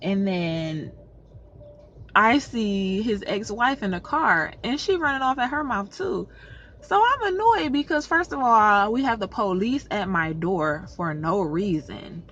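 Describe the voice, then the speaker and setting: A woman's voice: mid-range voice, lively intonation, measured pace, fairly bright tone. Blunt, exasperated woman telling a story. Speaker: vlogger. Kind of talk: casual storytime vlog. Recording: slightly muffled with faint background noise.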